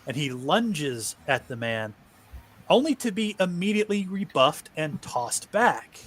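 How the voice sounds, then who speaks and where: A man narrating a tabletop game as game master, with slow, deliberate delivery. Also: fairly high pitch, very animated, slightly rough.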